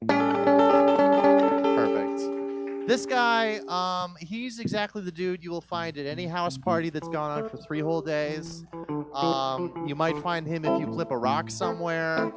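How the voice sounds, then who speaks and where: A man hosting a comedy show, introducing the final act in a casual, halting way with many fillers. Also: on the high side, over loud music. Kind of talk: introducing acts.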